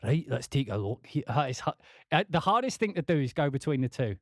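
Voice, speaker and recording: A man's voice: medium pitch, very animated, brisk, no echo, clean studio sound. A young man, a composer, chatting casually to his stream while working. He swears a lot, mocks himself, and plays with a put-on Scottish accent. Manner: swearing, self-mocking, talking to chat while working software; putting on a mock Scottish accent. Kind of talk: casual livestream chat.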